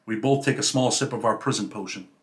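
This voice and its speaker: A man reading aloud from his own memoir about prison life, in a steady storytelling way. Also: on the low side, fast talker. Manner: steady storytelling read, dropping quieter at sentence ends.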